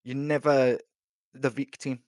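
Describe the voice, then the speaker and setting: Man, podcast host, dry close sound, relaxed and emphatic. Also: medium pitch, measured pace, no echo. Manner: relaxed, emphatic about mindset, asks direct questions. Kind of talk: casual podcast interview.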